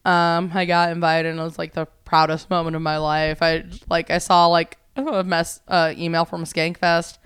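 A woman comedian in casual podcast chat, telling an animated story, swearing freely and acting out the quotes. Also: on the low side, normal speed, hardly any pauses, clean tone, dry recording, clean studio sound. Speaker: comedian guest.

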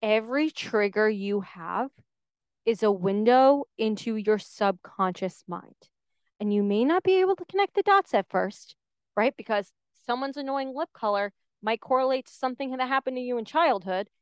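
Chatty woman doing a solo podcast, pretty high voice, super smooth, talks candid and animated, says like a lot. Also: no echo, studio quality. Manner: candid and animated, heavy use of "like". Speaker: podcast host. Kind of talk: casual solo podcast monologue.

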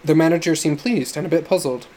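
A man narrating an audiobook story in a measured storytelling manner. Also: on the high side, mellow.

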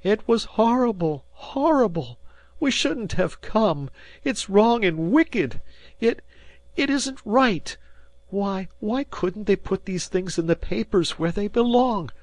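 A man doing a distraught, stammering high-strung mother. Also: completely flat delivery, moderate pace, hardly any pauses, no echo, lightly acted. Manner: shaky, breathless, stammering. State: near tears.

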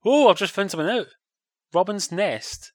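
A man's voice: high voice, animated, moderate pace, no room sound, clean studio sound. A man chatting casually as a podcast co-host, chiming in with eager jokes. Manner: jokey, eager interjections. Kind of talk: casual chat about old British TV.

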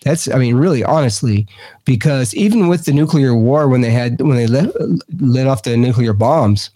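A middle-aged man from Texas, a guest telling stories animatedly, his voice jumping up high for emphasis. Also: moderate pace, warm tone, husky, no room sound. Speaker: guest, paranormal investigator. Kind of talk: casual storytelling.

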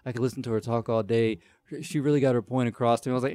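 A man in casual chat, retelling stories with lively acted-out quotes and frequent swearing. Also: mid-range voice, very fast, dry recording. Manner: animated storyteller, acts out quotes, profane.

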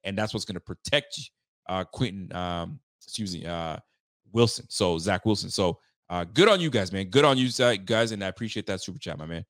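A man's voice: low-pitched, lively intonation, brisk, a bit bright, no echo, clean studio sound. A man hosting a fan show live after the game, reading viewer chats in a casual, heated, slangy way. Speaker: sports fan show host. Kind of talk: postgame livestream reaction, reading viewer chats.

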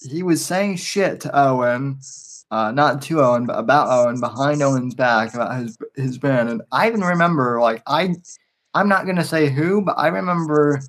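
A man's voice: medium pitch, animated, moderate pace, a bit bright. A man hosting a podcast, cutting in to add background to his guest's story. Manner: interjecting to add context. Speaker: podcast host. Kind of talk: casual chat.

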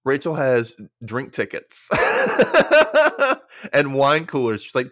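A male podcast host chats casually through an episode recap, animatedly acting out characters' lines with big pitch jumps. He takes it slowly, and the studio-quality audio has no room sound.

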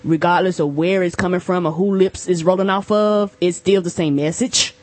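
A woman's voice: lowish voice, fairly even intonation, normal speed, darkish tone. A woman co-hosting a podcast in casual chat, rambling and hesitant with many fillers. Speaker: podcast co-host.

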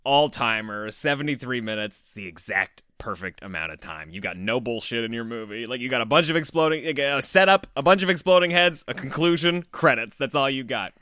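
A man's voice: medium pitch, animated, a little fast, few pauses, sharp tone, smooth, no echo, clean studio sound. A man from Canada co-hosting a horror podcast, chatty and joking, laughing easily. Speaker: podcast co-host. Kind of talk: casual podcast chat.

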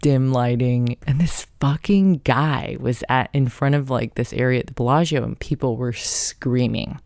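A woman's voice: extremely low pitch, moderate pace, darkish tone, no echo, clean studio sound. A woman hosting a podcast, telling a rambling personal story in a casual, chatty way. She swears now and then and laughs mid-sentence. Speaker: podcast host.

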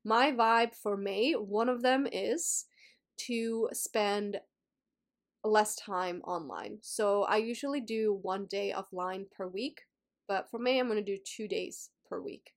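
A young woman with a slightly nasal voice hosts her own podcast in a relaxed way. She repeats her phrases and speaks straight to her listeners with encouraging questions. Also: mid-range voice, slow pace. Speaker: podcast host and yoga teacher. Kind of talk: casual solo podcast talk.

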